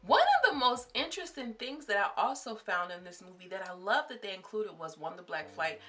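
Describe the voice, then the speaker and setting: This young vlogger's mid-range voice has a sharp tone, big pitch swings and a slightly fast pace. She delivers casual, emphatic commentary on a series, chatting directly to viewers and calling them sis and girl.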